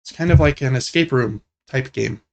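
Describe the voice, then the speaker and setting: A young man co-hosting a casual gaming podcast, talking in a relaxed, rambling and enthusiastic way. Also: mid-range voice, moderate pace, gravelly, dull audio. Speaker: podcast co-host.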